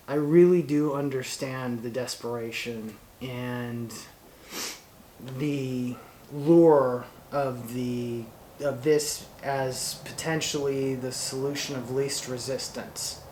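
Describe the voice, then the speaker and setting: A man from Oregon hosting his own channel, giving a political opinion monologue in a slow, deliberate way with frequent fillers and restarts. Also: mid-range voice, darkish tone, slight background noise. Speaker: workshop channel host.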